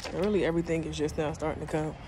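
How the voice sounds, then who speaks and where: A woman's voice: low voice, little pitch movement, racing. A young woman in a casual vlog, chatting bluntly and swearing freely into a handheld phone. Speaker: vlogger. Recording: loud street traffic noise. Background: passing cars.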